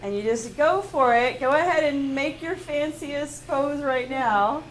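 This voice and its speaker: A woman teaching a live yoga class, giving calm pose and breath cues with playful laughs. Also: high-pitched, unhurried, a little hiss or hum. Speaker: yoga instructor. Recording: echoey room.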